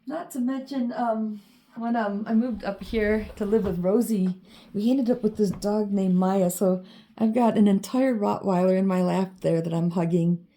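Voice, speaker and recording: A woman's voice: mid-range voice, steady tone, moderate pace, dark tone. A woman vlogging in a casual, meandering monologue full of ums and you-knows as she shows her drawings.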